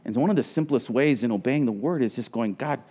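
A man's voice: medium pitch, fairly quick, dark tone, husky. A middle-aged man preaching a sermon as pastor, earnest and conversational, often restarting his words.

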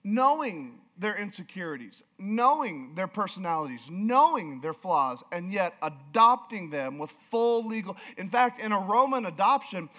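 A man's voice: high-pitched, big pitch swings, unhurried, few pauses, sharp tone. A male pastor preaching a sermon with emphatic, repeated phrases.

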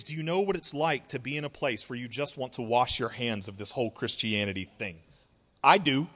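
A man preaching a sermon in an expressive, conversational way, asking rhetorical questions and drawing out words. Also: a little high, long reverb tail. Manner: conversational, sarcastic asides. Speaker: pastor.

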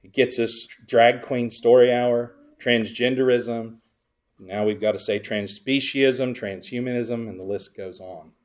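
A male pastor preaching a sermon, sarcastic and full of rhetorical questions put to the congregation, with sudden swings between loud emphasis and quiet asides. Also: medium pitch, steady tone, unhurried.

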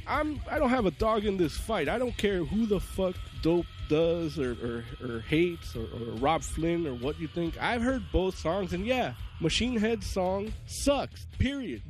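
A man with a slightly high voice tears into band drama as a podcast host. He swears constantly and mocks everyone involved in a crude, loud rant. Faint music sits behind him. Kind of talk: profane ranting commentary.

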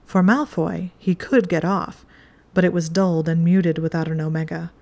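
A woman reading a chapter of fan fiction aloud in a calm, steady narration. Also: fairly low pitch, moderate pace, creaky. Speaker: audiobook reader. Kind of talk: scripted narration.

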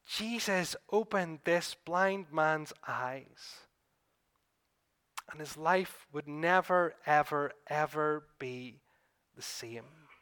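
Pastor guy preaching, paints the scene for you, gets excited then goes soft, voice a bit on the high side. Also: drawn-out words, clean tone. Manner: vivid storytelling, addressing listeners as "you"; builds to excited peaks, then drops quiet. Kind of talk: sermon retelling a gospel story.

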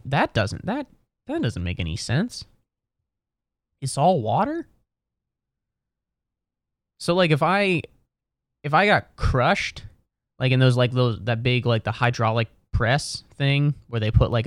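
A man's voice: mid-range voice, no echo. A young man sitting at home in a chair, musing aloud in a meandering, wry comedic monologue full of restarts and self-corrections. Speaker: solo vlogger.

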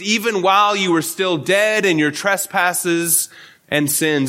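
A man's voice: sits high, measured pace, pushed and bright. A male pastor giving an earnest expository sermon, often repeating words as he restarts his phrases.

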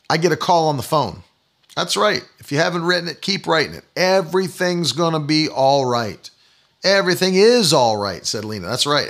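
Male preacher, slightly high and gravelly, bright, fervent sermon delivery. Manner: fervent, repetitive declarations. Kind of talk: online sermon broadcast.

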